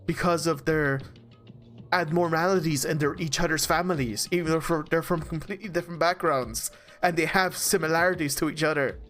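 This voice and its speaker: A man in casual chat over a voice call, rambling and excitable, swearing and laughing often. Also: on the high side, fairly quick, faint music behind. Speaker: let's play co-host. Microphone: voice chat mic.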